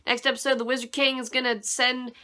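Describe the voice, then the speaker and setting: Bright-voiced woman reviewing anime, dismissive. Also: high-pitched, flat delivery, fast. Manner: rambling, dismissive, laughs often. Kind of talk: casual spoken review.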